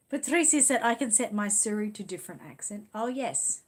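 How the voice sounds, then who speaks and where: An Australian woman hosts a relaxed live stream, chatting through her viewers' comments in a friendly, easygoing way. Her voice sits in a middle pitch, and she talks casually and reacts with small laughs as she goes. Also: brisk, few pauses. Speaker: channel host reading viewer comments.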